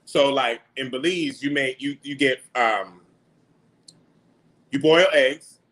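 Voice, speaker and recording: A man, hosting a casual livestream and chatting back to viewer comments in an animated, slangy way. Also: mid-range voice, slow pace. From New York. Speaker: livestream host.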